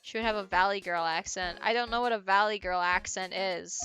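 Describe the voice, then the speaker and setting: A woman's voice: mid-range voice, steady tone, fairly quick, few pauses, sharp tone, faint music behind. A young woman streaming a game, chatting casually with giggly, crude, self-mocking asides.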